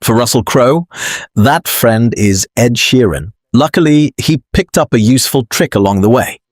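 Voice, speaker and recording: A man's voice: medium pitch, expressive, normal speed, no room sound, studio quality. A man giving wry, punchy scripted narration for a compilation video.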